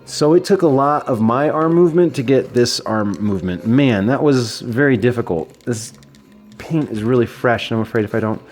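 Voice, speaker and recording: A man's voice: medium pitch, moderate pace, a little mellow, soft background music. A man casually reviewing a collectible action figure, enthusiastic and chatty, with fillers and restarts. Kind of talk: casual unboxing talk.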